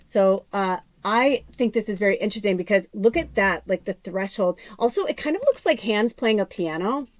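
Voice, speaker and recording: Woman, chatty medium, casual talk, fillers, mid-pitched. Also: a little mellow, no echo, low-quality recording. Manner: chatty, many fillers, drops to a whisper at times. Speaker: psychic medium. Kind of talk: casual spiritual talk to camera. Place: home off grid.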